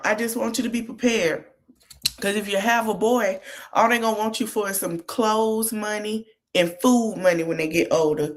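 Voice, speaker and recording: A woman's voice: medium pitch, steady tone, brisk. Chatty woman podcast host, motherly advice. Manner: chatty, gives motherly advice straight to the cast. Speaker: podcast host recapping a reality show. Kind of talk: casual recap chat.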